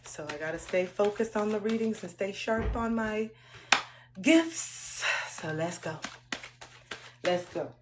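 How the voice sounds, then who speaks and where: Card reader, female, earnest and chanty, lowish voice, heavy music bed. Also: normal speed. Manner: chanting and sing-song repetition; earnest, motivational. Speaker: tarot card reader streamer. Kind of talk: livestream card reading. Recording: loud music behind voice.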